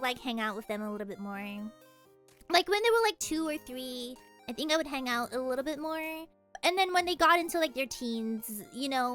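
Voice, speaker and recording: A woman's voice: high voice, bright, forceful tone. A young woman streamer in casual chat, giggly and rambling, often laughing at herself. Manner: giggly, rambling, self-deprecating.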